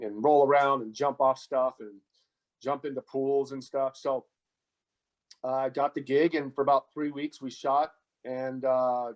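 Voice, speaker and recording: A man's voice: mid-range voice, darkish tone, low-quality recording. A middle-aged man from the United States, a podcast guest and goalkeeper coach, telling long casual stories with plenty of fillers and restarts. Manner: rambling anecdotes with many fillers and restarts. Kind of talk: casual storytelling interview.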